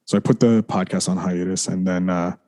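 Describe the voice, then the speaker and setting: A man's voice: sits low, steady tone, fairly quick, dark tone. A man, a podcast guest, telling a candid personal story in a rambling way, full of "like" and restarts. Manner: rambling, leans on fillers like "like" and restarts; apologizes for swearing.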